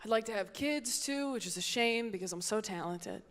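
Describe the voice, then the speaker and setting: A young woman performing a stand-up comedy set on stage, sarcastic and deadpan, slipping into quick mock voices. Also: medium pitch. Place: comedy stage before a live audience. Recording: live show with clear audience noise. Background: audience laughter.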